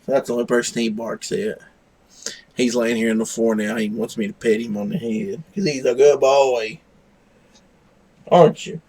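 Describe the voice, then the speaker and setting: A man's voice: fairly even intonation, normal speed, a little mellow, husky. A man hosting a live stream, chatting casually and rambling in a laid-back, self-deprecating way. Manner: coos at his dog in high baby talk. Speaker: livestream host.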